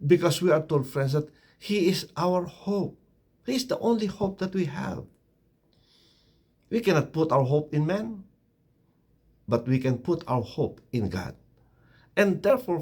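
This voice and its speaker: Husky-voiced man preaching with lively pitch. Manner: earnest, rising emphatic pitch on key words. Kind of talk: short devotional sermon.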